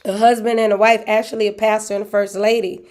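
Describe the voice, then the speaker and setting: A woman hosting a casual church livestream Bible study chat, animated and given to sudden whoops. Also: medium pitch, fast.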